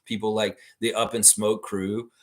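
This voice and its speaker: A man hosting a fan live stream, reading viewers' comments aloud and riffing on them in a playful, animated way, often repeating short phrases for emphasis. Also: fairly low pitch, unhurried. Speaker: fan show host reading live chat. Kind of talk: casual live-stream chat.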